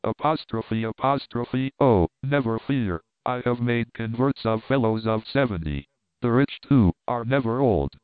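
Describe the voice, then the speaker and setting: A man reading a vain flattering Roman noble. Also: mid-range voice, a little slow, no room sound, close to an everyday voice. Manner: smooth and flattering. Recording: tinny phone-like sound.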